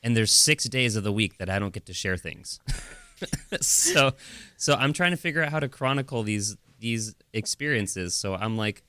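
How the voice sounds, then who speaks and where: A man's voice: lowish voice, moderate pace, clear, resonant tone, no echo. A man from America co-hosting a podcast, telling stories in casual chat and laughing often. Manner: animated storytelling, laughs often. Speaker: podcast co-host.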